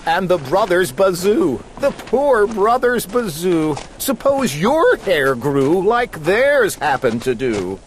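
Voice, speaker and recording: A man's voice: high-pitched, slow pace, hardly any pauses, slight background noise. Man reading a rhyming storybook, sing-song. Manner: lively sing-song storytelling, playful emphasis. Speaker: storybook reader. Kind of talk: reading a children's book aloud.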